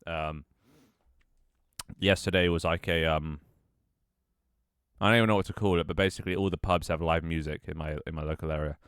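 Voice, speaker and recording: A man's voice: deep voice, fairly even intonation, brisk, long pauses, a bit bright, smooth, no echo, studio quality. A tired, out-of-breath young man chatting casually with his livestream audience, sighing and swearing offhandedly. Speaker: Twitch streamer.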